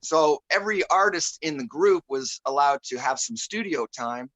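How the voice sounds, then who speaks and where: Bright-voiced man telling a story. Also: on the high side, expressive, normal speed, no echo, rough recording. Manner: rambling, searches for words, many fillers. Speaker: guest musician. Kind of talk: casual storytelling.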